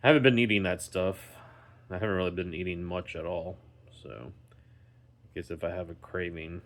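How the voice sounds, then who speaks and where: Recovering at home, a deep-voiced man vlogs about his day casually, sounding tired. He rambles slowly, with lots of ums and restarts.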